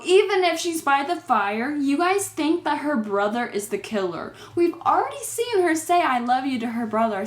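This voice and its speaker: A woman's voice: high-pitched, a bit bright, echoey room. A woman casually recapping a horror movie, with exasperated, sarcastic commentary on the characters.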